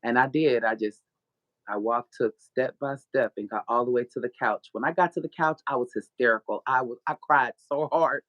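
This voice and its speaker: A woman guest author tells her own story with blunt candor and plenty of profanity, weaving in spiritual preaching and laughing often. Her voice is very deep and her pace normal, on a dry recording with dull audio.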